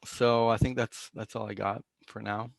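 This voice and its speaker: A man giving a reflective, self-deprecating dharma talk as a Zen teacher, halting with fillers and restarts and coughing now and then. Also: on the low side, flat delivery, creaky, dry recording, studio quality.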